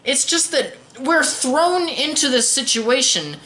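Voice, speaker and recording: A woman's voice: high-pitched, big pitch swings, slow pace, pushed and bright. A young woman giving a casual spoken film review in a wry, sarcastic way, often restarting her sentences. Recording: roomy echoey room.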